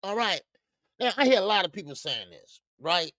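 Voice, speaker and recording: A man's voice: high-pitched, sing-song, normal speed, a bit bright, dry recording, studio quality. A man hosting a casual boxing talk livestream, slangy and rambling, greeting chat viewers by name and stumbling into stammered restarts. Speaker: boxing show host. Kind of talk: casual live-stream talk.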